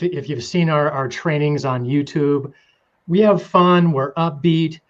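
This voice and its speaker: A man co-hosting as a doctor, speaking earnestly and in a measured way. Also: fairly high pitch. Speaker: co-host, doctor. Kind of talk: casual chat. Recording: dull lo-fi sound.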